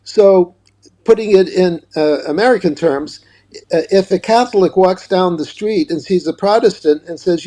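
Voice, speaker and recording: An older man speaks as a guest author in a political interview, pressing his points emphatically. His voice sits high, yet it sounds dark and mellow, and he often stumbles over repeated words at the start of a sentence. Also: normal speed.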